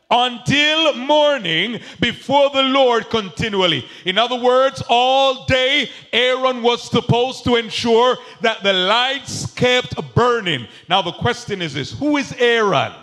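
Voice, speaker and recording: High-voiced, forceful male preacher. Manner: preaching with call-and-response to the congregation; swings between soft asides and shouted emphasis. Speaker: pastor. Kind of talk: sermon.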